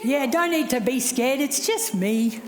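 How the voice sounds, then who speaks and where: A woman with a very high voice gives casual announcements to a church congregation. She chats and coaxes shy children by name. Her voice rings around a large church hall with a long, echoey tail. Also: lively intonation, a little slow. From Australia. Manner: chatty, coaxing children by name. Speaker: children's program leader.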